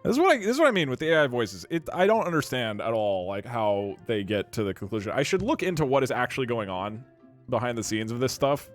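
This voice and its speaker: A man's voice: mid-range voice, animated, fast talker, soft background music. A young man hosting his channel, thinking aloud and rambling as he tinkers on screen. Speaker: YouTube streamer host. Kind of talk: casual commentary while working on screen.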